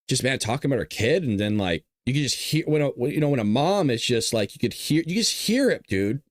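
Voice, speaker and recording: A man's voice: medium pitch, very animated, a little fast, hardly any pauses, no echo. A man hosting a podcast, talking casually and emotionally, choked up and rambling. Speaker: podcast host. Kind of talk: casual commentary.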